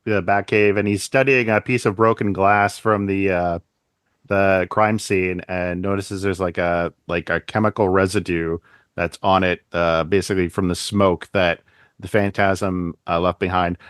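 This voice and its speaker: A man with a lowish voice co-hosts a casual podcast movie chat. He recaps scenes with a relaxed, dry close-mic sound and slips into funny voices for quoted lines. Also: measured pace, clear, resonant tone, dry recording. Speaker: podcast co-host.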